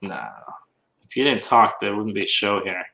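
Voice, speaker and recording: Bright-voiced easygoing man. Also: lowish voice, moderate pace, a little hiss or hum. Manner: easygoing, self-deprecating joking. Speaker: co-host of a reseller livestream. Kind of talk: casual livestream chat while working.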